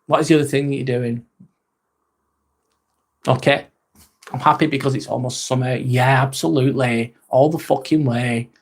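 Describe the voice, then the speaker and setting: A man's voice: mid-range voice, steady tone, normal speed, pauses often. A man in his forties hosting a casual live stream, rambling and chatty as he reads out and answers viewer comments, with mild swearing. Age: 40s.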